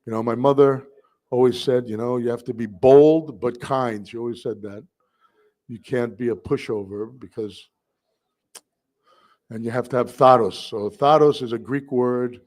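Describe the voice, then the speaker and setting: Middle-aged guy from new york telling a story, animated, does the voices, gets loud sometimes. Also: mid-range voice, moderate pace, long pauses. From New York City. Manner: vivid, mimics voices, bursts into shouting. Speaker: speaker telling a personal story.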